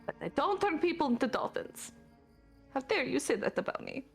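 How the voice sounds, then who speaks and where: A woman's voice: high voice, big pitch swings, normal speed, creaky, soft background music, voice pushed up, full character voice. A woman voicing an eager, fawning male god who acts like a golden retriever, talking in a rambling, over-eager way. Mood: indignant.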